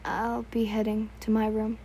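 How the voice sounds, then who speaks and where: A woman reading the lines of a gentle, melancholy male demon swordsman in her own soft-spoken, polite voice. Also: on the high side, completely flat delivery, moderate pace, slight background noise, natural voice. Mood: shy.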